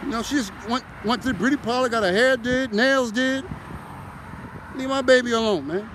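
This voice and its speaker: A man with a very high-pitched voice talks in a streetwise, animated way, acting out heated arguments. He's sitting in a car, and loud wind noise buffets the microphone. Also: normal speed. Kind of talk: casual storytelling monologue.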